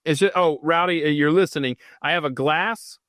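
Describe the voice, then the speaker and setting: A man's voice: fairly high pitch, normal speed, fairly bright tone, no room sound. Rambling man hosting a podcast, dry sound. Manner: rambling, self-deprecating, trails off and restarts. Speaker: podcast host reading live comments. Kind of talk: casual rambling livestream chat.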